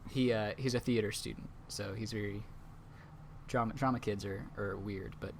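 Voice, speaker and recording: A man's voice: lowish voice, fairly even intonation, moderate pace, a little hiss or hum. A young man hosting a casual podcast, telling a rambling story packed with fillers. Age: young adult. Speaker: podcast host.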